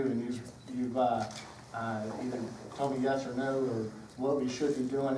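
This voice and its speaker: A Southern man from Georgia, probably in his forties, giving a heartfelt, halting retirement speech full of fillers and restarts. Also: medium pitch, mellow, a little hiss or hum. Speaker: retiring Air Force senior master sergeant. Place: ceremony room. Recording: echoey room, speaker far from mic.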